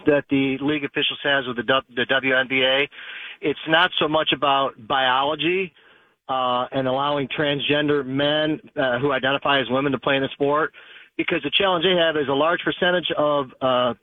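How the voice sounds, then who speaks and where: A man calling in to a radio show, earnest and halting. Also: mid-range voice, fairly even intonation, no room sound. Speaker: caller. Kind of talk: call-in comment. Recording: tinny phone line.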